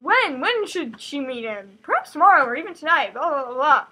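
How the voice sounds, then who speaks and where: A woman's voice: high-pitched, sing-song, a little fast, pushed and bright, full character voice, poor audio. A woman voicing a gloating, sinister older sister with a haughty, sing-song manner.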